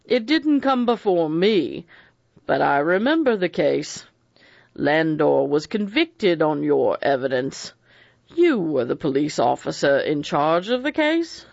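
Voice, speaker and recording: A measured old judge, as a man reads him, slow and deliberate, weighing each word. Dry, slightly dull recording. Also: a little high, very animated, creaky, dry recording, full character voice. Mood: probing. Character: measured elderly male judge.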